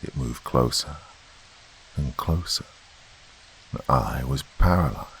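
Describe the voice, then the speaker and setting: A man reading a horror story as a podcast narrator in a slow, brooding way. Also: a bass voice, fairly bright tone, slight background noise.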